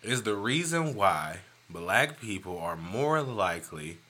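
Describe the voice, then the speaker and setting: Man, podcast host, solo rant; lively swooping delivery, bright forward tone, low-set voice, profane and jokey. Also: slow. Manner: animated, profane, riffing and joking.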